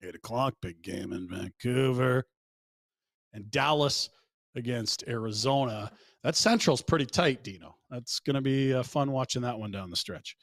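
Male sports host, brash and joking, animated delivery, dry studio sound. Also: medium pitch, normal speed, no room sound. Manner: brash and joking, swears freely, laughs often. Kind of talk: casual hockey talk show. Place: broadcast studio.

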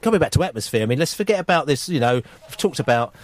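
A man's voice: a little high, expressive, quick pace. A man hosting a fans' sports radio show, steering the discussion with questions. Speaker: radio host. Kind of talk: casual radio banter. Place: radio studio.

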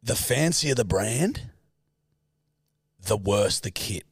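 A man's voice: fairly low pitch, expressive, slow pace, husky, no room sound, studio quality. A young man co-hosting a casual podcast, joking and swearing freely in crude banter. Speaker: podcast co-host. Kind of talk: casual chat.

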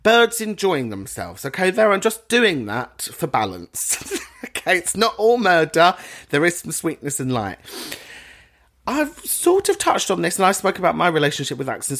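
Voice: normal speed, creaky. A podcast host with a broad British accent, chatting alone in a self-mocking, chatty way. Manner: chatty, self-mocking, animated swoops in pitch. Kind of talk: casual solo podcast chat.

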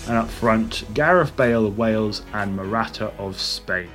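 A man's voice: on the low side, moderate pace, soft background music. Casual man hosting a football podcast. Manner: casual, listing teams in a steady rundown. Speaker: podcast host. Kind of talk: solo football podcast predictions.

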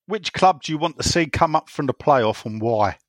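A man's voice: on the high side, lively intonation, moderate pace, dry recording, studio quality. Teasing man reading out listener emails. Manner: jokey, teasing, reads listener emails aloud. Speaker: podcast host. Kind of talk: casual football podcast chat.

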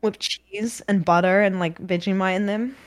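A young woman with a New Zealand accent talks in a relaxed podcast chat. She is chatty and playful, and her voice sits at an ordinary middle pitch for a woman. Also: normal speed. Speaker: guest streamer.

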